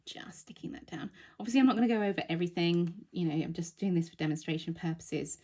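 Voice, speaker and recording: A woman's voice: fairly low pitch, racing, darkish tone. A woman, a bit out of breath from being unwell, chatting through a live craft demonstration with a reassuring manner. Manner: chatty, reassuring, thinks aloud with many ums. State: out of breath, recovering from illness.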